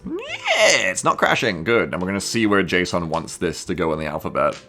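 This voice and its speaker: Man, deep voice, animated pitch, casual swearing streamer, self-deprecating, faint background music. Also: moderate pace. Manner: relaxed, self-mocking, swears casually, reads chat aloud. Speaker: streamer and mod developer. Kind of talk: casual live-stream chat while coding.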